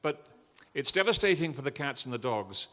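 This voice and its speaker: An older man, giving an impassioned, earnest talk from a festival stage, halting with fillers now and then. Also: mid-range voice, sing-song, a bit bright. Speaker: guest speaker at a festival. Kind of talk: emotional public talk. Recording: long hall reverb.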